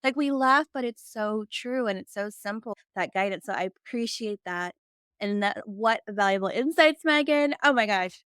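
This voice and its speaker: A woman hosting a podcast in an upbeat, affirming way. Her voice is smooth and clear, and the recording is dry and close, with no room sound. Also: mid-range voice, fairly bright tone, dry recording. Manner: upbeat and affirming, quick to agree. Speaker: podcast host. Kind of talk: faith-based business interview.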